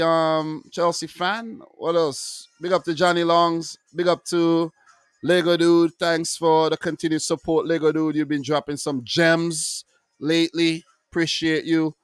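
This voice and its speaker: Guy rambling about football on his channel, kinda high voice, smooth, dry close mic. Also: no room sound. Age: adult with wife and three kids. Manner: chatty, loose, shouting out viewers. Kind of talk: casual solo football review.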